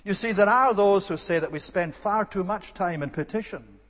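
A man's voice: high-pitched, moderate pace, a bit bright, in a large hall. A man preaching an earnest, emphatic sermon and repeating his key words for stress.

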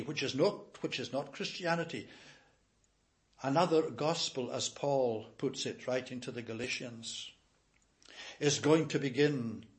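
Older man, sermon, earnest and emphatic, slightly high voice, repeats phrases. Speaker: preacher.

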